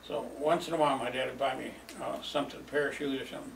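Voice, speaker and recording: Gravelly older man reminiscing, chuckling. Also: mid-range voice, fairly even intonation, racing, slight background noise. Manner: rambling, chuckling, lots of fillers. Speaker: storyteller. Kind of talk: reminiscing oral history. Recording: roomy, distant mic, faint ambience.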